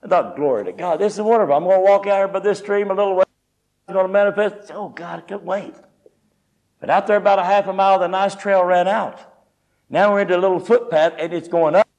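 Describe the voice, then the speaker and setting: Male preacher, high-pitched, folksy animated testimony. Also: quick pace. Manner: folksy, animated storytelling with quoted speech. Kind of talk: sermon testimony storytelling.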